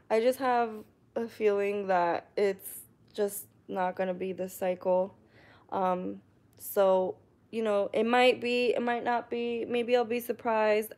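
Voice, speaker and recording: A young woman talks casually to her viewers, reading out their comments and answering each one. Her voice sits at a middle pitch, and she speaks warmly and emotionally, laughing often. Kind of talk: casual chat to camera.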